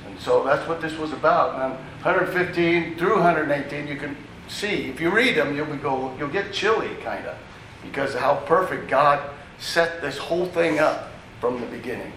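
A man's voice: fairly high pitch, moderate pace, a bit bright, slight background noise. Male preacher, echoey and distant. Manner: conversational teaching with asides to the congregation. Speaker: pastor. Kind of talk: sermon. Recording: echoey room, distant mic, faint ambience.

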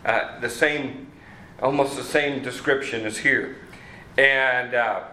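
A man preaching a sermon, slow and halting with many fillers and restarts. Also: medium pitch, steady tone, bright, forceful tone, roomy sound, slight background noise, poor audio. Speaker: pastor.

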